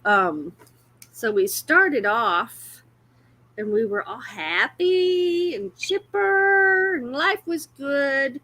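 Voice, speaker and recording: Woman, livestream host, high bright voice, unhurried, chatty, laughs a lot. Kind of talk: casual livestream chat.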